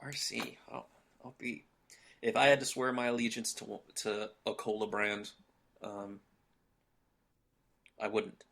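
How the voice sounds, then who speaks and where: A young man with a low voice, hosting a relaxed podcast chat. His tone is bright and a little forceful. He jokes easily and laughs often. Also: measured pace, gravelly, long pauses. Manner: laid-back, laughs often, joking. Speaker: podcast host. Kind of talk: casual chat.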